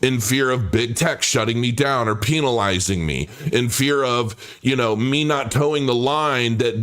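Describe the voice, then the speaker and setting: A man in his forties hosting a livestream, talking off the cuff in a rambling, halting way with many restarts. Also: mid-range voice, a bit bright. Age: 40s. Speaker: crypto livestream host. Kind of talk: casual livestream monologue.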